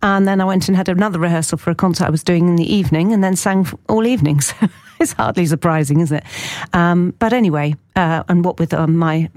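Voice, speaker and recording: Slightly hoarse radio presenter woman. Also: fairly low pitch, quick pace, darkish tone, no echo. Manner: chatty, rambling, self-correcting. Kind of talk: casual radio chat. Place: radio studio.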